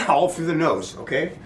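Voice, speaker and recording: A man explaining breathing exercises in a halting, informal way, often stopping to check "okay?". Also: a bit bright. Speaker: breathing instructor. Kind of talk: informal spoken instruction. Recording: roomy, distant mic, faint rumble.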